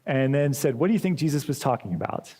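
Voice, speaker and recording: A man preaching a sermon in a church, speaking in a measured, deliberate way with touches of dry humor. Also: medium pitch, lively intonation, mellow. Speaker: pastor.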